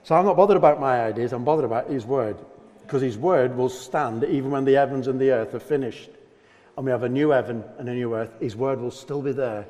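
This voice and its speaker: A man preaching a sermon as pastor, animated and joking as he talks to his church. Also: mid-range voice, brisk. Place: church hall. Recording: long hall reverb.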